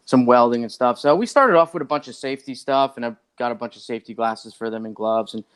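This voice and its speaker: A man who is a podcast guest, telling a long story in a rambling, animated way and acting out what other people said. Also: medium pitch, quick pace, clear, resonant tone. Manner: rambling and animated, acts out others' lines, many "like" fillers. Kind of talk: casual storytelling.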